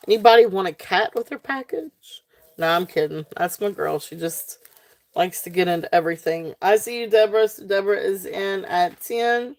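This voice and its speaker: Medium in pitch with a darkish tone and moderate pace, this Southern-accented woman from South Central Virginia, USA hosts a live jewelry sale. She keeps it casual and chatty, full of fillers, and names viewers as she thanks them.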